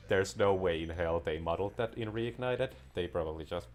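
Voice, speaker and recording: A man giving casual, playful gameplay commentary as a gaming video creator, rambling and joking as he plays. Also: sits low. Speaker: gaming YouTuber.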